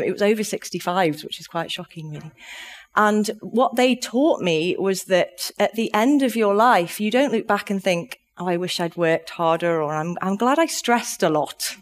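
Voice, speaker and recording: A woman giving a conference keynote talk, upbeat and chatty, laughing often as she speaks to a live audience in a conference room. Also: mid-range voice.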